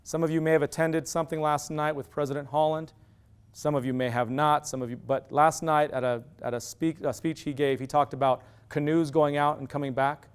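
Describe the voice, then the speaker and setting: A middle-aged man giving an animated storytelling lecture, acting out quoted dialogue. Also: on the high side, fairly quick, clean tone. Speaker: university lecturer.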